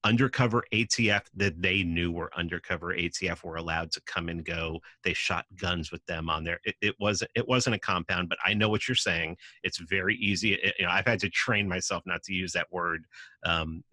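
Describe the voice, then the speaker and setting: Emphatic New man, tense and bright. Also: sits low, steady tone, normal speed, dry recording. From New York City. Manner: emphatic, profane, acts out quoted voices. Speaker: podcast guest. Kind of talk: casual conversational argument.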